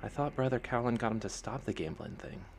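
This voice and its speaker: A man's voice: medium pitch, a little fast, darkish tone, slight background noise, voice pushed up, lightly acted. A man doing an unsure young novice monk. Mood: hesitant. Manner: hesitant and self-conscious.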